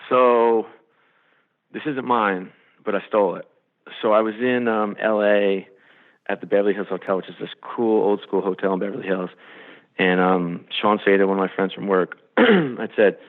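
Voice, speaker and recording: A man, a sports executive, telling animated stories in a podcast interview and acting out the quotes. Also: lowish voice, moderate pace. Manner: animated storyteller, acts out quotes. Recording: phone-line quality.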